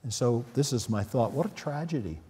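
A man's voice: mid-range voice, lively intonation, a little fast, warm tone, husky. A man preaching a sermon, earnest, with sudden emphatic peaks. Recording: long hall reverb.

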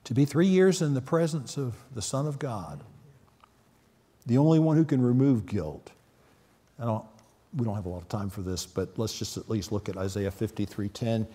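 Male preacher, sermon, earnest, mellow tone, long hall reverb. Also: medium pitch, lively intonation, normal speed, breathy edge. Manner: earnest, rises to sudden emphatic peaks.

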